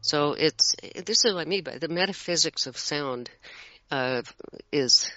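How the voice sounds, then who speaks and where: A middle-aged guest chatting in a bright, forceful voice that carries plenty of spoken examples. The sound is dry and close, with a dull lo-fi quality. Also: mid-range voice, unhurried, dry recording. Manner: animated, explains with spoken examples. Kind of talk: casual conversation. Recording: dull lo-fi audio.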